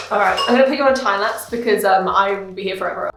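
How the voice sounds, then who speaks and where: A young woman chats her way through a beauty review, dramatic about small things and full of filler words. Her voice sits at a middling pitch. It rings off the hard walls of a very echoey bathroom. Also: fairly quick, music in the background. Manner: chatty and self-dramatizing, many "like" fillers. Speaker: beauty vlogger. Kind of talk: casual product review vlog. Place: bathroom at home.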